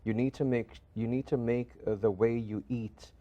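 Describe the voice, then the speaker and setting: A man hosting an interview, chatting casually with a hesitant, halting way of speaking. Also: mid-range voice, fairly even intonation, dark tone, dull audio. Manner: hesitant, many ums and restarts. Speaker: talk show host.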